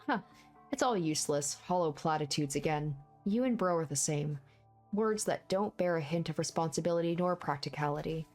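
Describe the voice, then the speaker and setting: A woman's voice: deep voice, moderate pace, a little mellow, faint music behind, natural voice. A woman voicing a bitter, resentful teenage boy who sneers at others. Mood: scornful. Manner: scornful and resentful.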